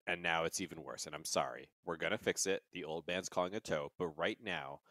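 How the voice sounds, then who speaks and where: A man's voice: low-pitched, fairly quick, bright, forceful tone, no echo, clean studio sound. A man playing a pushy, upbeat corporate-type character in a tabletop game, talking in a motivational pep-talk manner.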